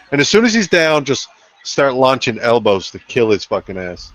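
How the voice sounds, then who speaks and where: Profane, animated man telling stories. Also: medium pitch, fairly quick. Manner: animated storytelling, swears a lot, acts out quotes. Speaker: co-host of a live fight betting stream. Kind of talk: casual profane banter.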